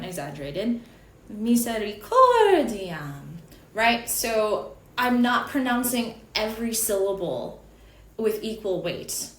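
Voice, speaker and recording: A woman in her thirties teaching Gregorian chant over slides, explaining in a chatty way with little asides. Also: mid-range voice. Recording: echoey room, faint background noise.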